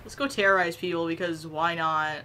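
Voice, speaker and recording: A woman giving silly, animated let's-play commentary, chatting to the game characters as she plays. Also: on the low side, fairly quick. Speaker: gameplay commentator.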